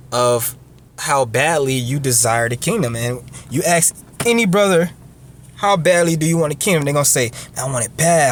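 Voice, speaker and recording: A man preaching an earnest, conversational sermon who repeats himself and checks in with his listeners. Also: mid-range voice.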